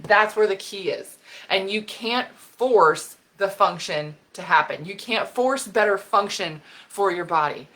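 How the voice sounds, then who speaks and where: A woman health expert giving an animated talk on camera, getting fired up and laughing as she explains while sketching on a board. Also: medium pitch. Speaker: women's health and hormone expert. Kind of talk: educational video talk.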